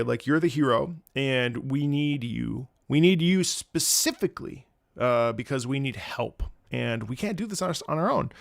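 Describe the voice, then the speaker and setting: A man's voice: medium pitch, creaky, no room sound, studio quality. A man live-streaming his reactions to game music, reflective and rambling, his voice tired from travel. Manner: rambling, reflective, many restarts. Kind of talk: casual live-stream commentary.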